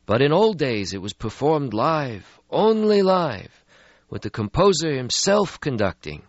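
A man voicing a weary, melancholy ancient male vampire in an audiobook, speaking slowly and mournfully. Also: mid-range voice, big pitch swings, no room sound, pitched above the performer's own voice. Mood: nostalgic. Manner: slow, mournful, world-weary. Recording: slightly muffled lo-fi audio.

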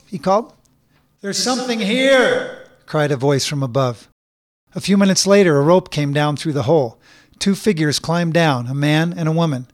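A man's voice: on the high side, dry recording. Man narrating a story, dry close sound. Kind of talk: scripted narration.

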